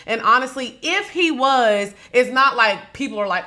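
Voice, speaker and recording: Sassy bright-voiced woman podcast host. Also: high voice, lively intonation, measured pace. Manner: sassy, blunt, swears freely, dramatic. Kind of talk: casual gossip commentary.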